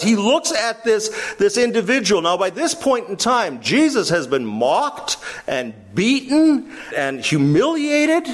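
Male pastor, sermon delivery, fairly high and very lively pitch, wry acted-out quotes. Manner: animated, sarcastic asides, acts out quotes. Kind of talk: expository sermon.

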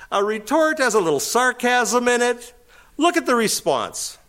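Lively, animated male preacher. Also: high-pitched. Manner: animated teaching with emphatic pauses and laughs. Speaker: pastor. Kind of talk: sermon.

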